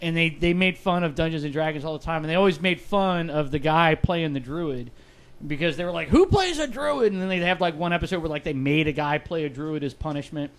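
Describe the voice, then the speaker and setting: A man's voice: a little high, fairly even intonation, a little fast, a bit bright, smooth. A young man in easygoing casual chat, asking questions about a game. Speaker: tabletop game player.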